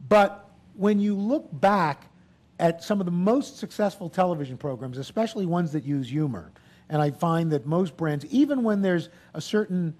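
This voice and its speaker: A man in his sixties speaks in a high voice for a man, relaxed and chatty. He tells anecdotes to an audience, acting out the people he quotes, then shifts easily into business talk. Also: normal speed. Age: 60s. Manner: lively storyteller, acts out quotes. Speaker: guest speaker. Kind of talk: animated anecdotes on stage. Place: event hall with audience.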